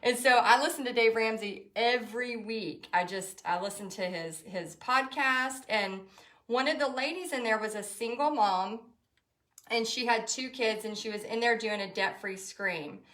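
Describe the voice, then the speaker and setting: Bright-voiced chatty woman. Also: a little high, normal speed. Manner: chatty, rambling, emotional, many fillers. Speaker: painting instructor hosting a live stream. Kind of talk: casual chat while painting live.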